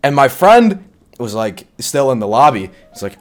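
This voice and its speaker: A young man recounting a personal story to the camera in loose, everyday speech. He swears freely and peppers every sentence with likes. His voice sits at an ordinary pitch, with faint music under it. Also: very animated, normal speed. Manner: casual, profane, full of likes. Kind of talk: storytime vlog.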